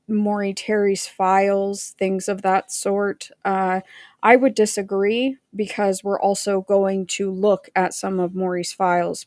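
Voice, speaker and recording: A woman's voice: mid-range voice, a little mellow, no echo, studio quality. Chatty woman hosting a livestream. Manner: chatty, rambling with fillers, reads documents aloud. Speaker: livestream host. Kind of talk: casual livestream chat and reading aloud.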